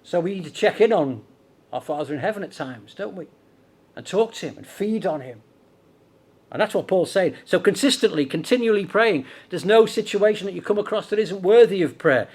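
A middle-aged preacher from Liverpool with a clear Scouse accent and a fairly high voice. He preaches in a conversational way and often throws rhetorical questions at the congregation. He also restarts his sentences often. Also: expressive, fairly quick, a little mellow. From Liverpool, England. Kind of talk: sermon.

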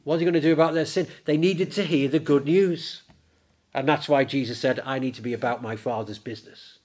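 A man preaching a sermon in church, lively and conversational, raising his voice when he acts out the disciples. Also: medium pitch, a little fast. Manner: animated, acts out the disciples in a raised voice.

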